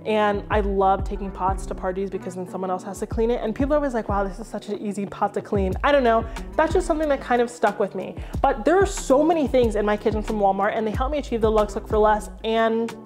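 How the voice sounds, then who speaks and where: A woman's voice: medium pitch, a little mellow. A young woman in her home kitchen, chatting casually and playfully through a product review with jokey asides. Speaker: home and lifestyle creator.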